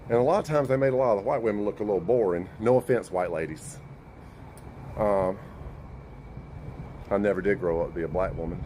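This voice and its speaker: A man's voice: on the low side, brisk, long pauses, dark tone, a little hiss or hum. A man with a Southern US accent telling a playful, campy storytime to camera.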